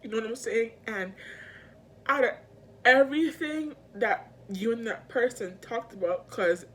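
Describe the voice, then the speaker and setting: A woman's voice: a little high, measured pace, fairly bright tone. A woman filming a personal video update, talking in an earnest, emotional way that rambles and halts, full of fillers and restarts. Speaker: vlogger. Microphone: self-filmed camera mic.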